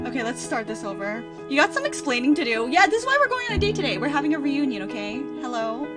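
A young woman streaming a reaction video, chatting casually and gushing with excitement, with a giggly manner. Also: sits high, quick pace, loud music behind the voice.

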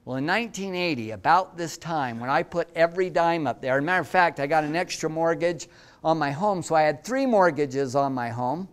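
A man in his sixties, an entrepreneur lecturing students with lively, self-deprecating stories and asides to the audience. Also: a little high, clear, resonant tone.

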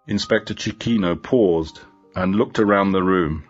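Man, low voice, learner story narration, slow and clear, slightly dull audio, faint music. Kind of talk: graded reader story narration.

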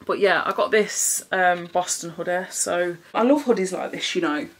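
A fashion vlogger with a fairly low, slightly rough voice talks through a clothing try-on haul at a moderate pace. She's chatty and blunt, swears freely, is often a bit out of breath, and keeps saying "do you know what I mean."

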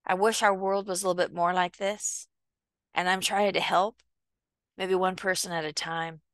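A woman giving an earnest motivational talk, speaking deliberately and acting out small everyday conversations. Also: on the low side, little pitch movement, no echo. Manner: earnest, slow and deliberate, acts out little dialogues. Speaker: self-help speaker. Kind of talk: reflective motivational monologue.

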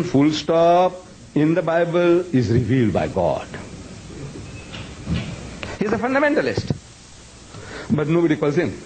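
A man's voice: on the high side, darkish tone, slight background noise, low-quality recording. A man giving a religious lecture in a mosque, emphatic and rhetorical, often chuckling at his own points. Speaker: Islamic lecturer.

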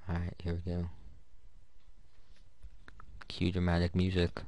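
A man's voice: deep voice, monotone, a little slow, warm tone, a little hiss or hum. A man giving rambling, joking commentary to himself while opening loot in a video game. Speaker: gaming YouTuber. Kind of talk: casual gameplay commentary.

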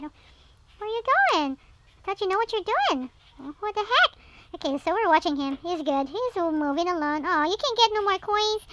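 Very high, bright, excitable young-sounding gamer. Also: female voice. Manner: excitable, frequent gasps and shrieks. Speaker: gameplay commentator. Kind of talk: excited let's-play commentary.

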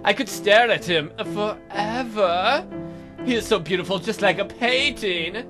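A woman's voice: mid-range voice, measured pace, music in the background. A woman hosting a game playthrough, reading the story aloud with playful, joking asides. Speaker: let's play host. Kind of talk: reading a visual novel aloud.

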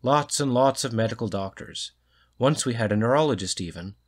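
A man voicing a blustering, jowly fat man with a heavy brogue who talks loudly and pushily. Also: expressive, extremely slow, exaggerated voice. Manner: booming, pushy.

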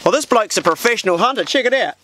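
A man's voice: high voice, lively intonation, quick pace, background noise. A New Zealand man with a New Zealand accent, chatting in a slangy, blokey way as he opens parcels on his vlog at an old farmhouse. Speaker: vlogger. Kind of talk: casual mail-opening vlog.

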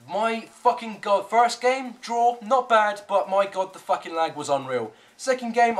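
A man with a somewhat high voice talks over his own online match as a gaming channel host. He rants and curses constantly, shouting at one moment and grumbling under his breath the next. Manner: ranting, heavy swearing, swings between shouting and muttering. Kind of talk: live gameplay commentary.

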